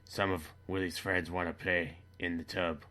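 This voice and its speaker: A man delivering a rambling, matter-of-fact comedy monologue with halting restarts. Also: sits low, level tone, pushed and bright. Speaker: comedy character monologue host. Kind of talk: deadpan dark comedy monologue.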